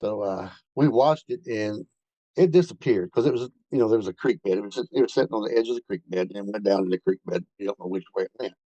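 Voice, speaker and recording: A man's voice: lowish voice, quick pace, dark tone, no echo, dull audio. A man telling a rambling first-hand story in a casual way, with many fillers and restarts. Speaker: bigfoot researcher telling an encounter.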